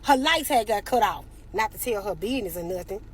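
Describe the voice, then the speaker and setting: A woman telling a comic family story in an animated, exasperated way, acting out the quotes. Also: medium pitch, brisk, slightly rough.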